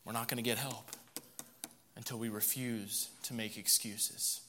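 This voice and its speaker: A man preaching a sermon in a lively, chuckling way, often repeating words as he restarts. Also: mid-range voice, a little slow, a little hiss or hum. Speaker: pastor.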